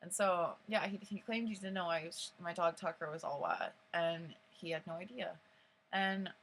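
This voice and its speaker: A woman's voice: on the low side, normal speed, fairly bright tone, a little hiss or hum, low-quality recording. A young woman telling a personal story in casual vlog style, rambling with lots of fillers and swearing. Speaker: vlogger.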